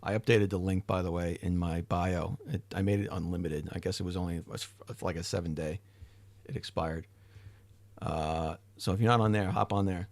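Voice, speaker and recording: A man's voice: sits low, steady tone, normal speed, a little mellow, no echo. A tired man hosting a livestream, chatting casually with his chat, rambling and swearing now and then. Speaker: livestream host. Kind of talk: casual chat reading live chat.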